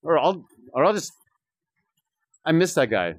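A man's voice: fairly high pitch, very animated, unhurried, dry recording, studio quality. A man streaming a virtual reality shooter, rambling and joking with viewers and swearing often. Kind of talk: casual live-stream commentary.

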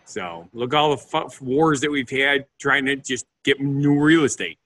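A man co-hosting a podcast, explaining things in a casual chat and sometimes reading out facts, now and then pausing to search for words. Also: mid-range voice, bright, forceful tone. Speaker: podcast co-host.

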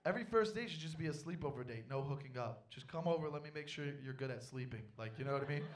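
A young man performing a stand-up comedy set on stage, telling a story with animated, loud panicky outbursts. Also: on the high side, fast, distant mic.

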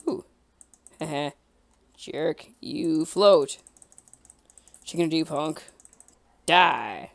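A man giving casual let's-play commentary, excitable and talking to himself and the creatures in the game. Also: on the high side, very slow, long pauses, no room sound. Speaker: gamer.

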